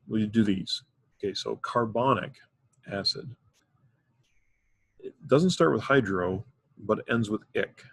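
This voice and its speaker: A man's voice: fairly low pitch, slightly rough, no room sound. A man teaching a chemistry lesson, explaining methodically step by step with occasional fillers. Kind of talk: recorded classroom lecture.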